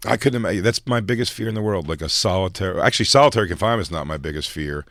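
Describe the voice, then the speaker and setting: A man's voice: deep voice, racing, dry recording. A man in casual studio chat, telling a rambling story and acting out the people in it. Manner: rambling, animated storyteller who acts out voices. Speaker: comedian guest.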